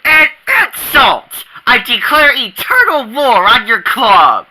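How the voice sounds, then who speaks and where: A performer voicing an excitable, bossy six-year-old boy in a fan comic dub, shrill and shouty. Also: normal speed, full character voice, poor audio. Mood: indignant.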